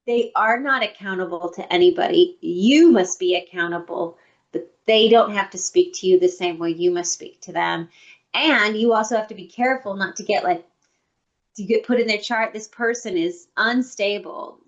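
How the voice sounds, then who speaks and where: A woman co-hosting a podcast, chatting in a heartfelt way and telling animated stories in which she acts out what other people said. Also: medium pitch, normal speed. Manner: animated storyteller who acts out quoted people. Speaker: podcast co-host. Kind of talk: casual heartfelt conversation. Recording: slightly dull lo-fi sound.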